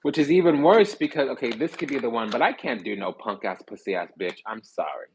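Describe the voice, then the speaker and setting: A man's voice: medium pitch, expressive, brisk, noisy background. A man giving a casual tarot reading, talking bluntly in slang and with swearing, and often stopping to restart his sentences. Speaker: tarot reader.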